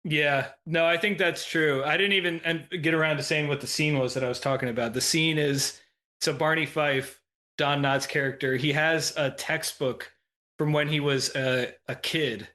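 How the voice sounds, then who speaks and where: A man co-hosting a film podcast, telling stories in a casual, animated way and acting out scenes. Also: fairly high pitch, normal speed. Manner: animated storytelling, acts out scenes in quotes. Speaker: podcast co-host.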